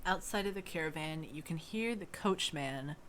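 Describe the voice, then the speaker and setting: A woman narrating scenes calmly as game master of a tabletop game. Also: low voice, a little hiss or hum. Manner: measured, descriptive.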